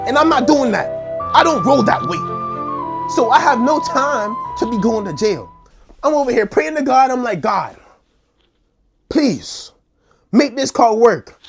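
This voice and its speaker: Animated young New storyteller man. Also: extremely high pitch, normal speed, over music. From New York. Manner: animated, slangy, acts out scenes. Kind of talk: storytime vlog.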